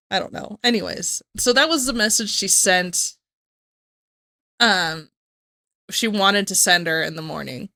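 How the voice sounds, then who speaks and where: Woman, bright voice, dry sound; chatty reaction host who rambles and laughs. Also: medium pitch, dry recording. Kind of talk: casual reaction commentary.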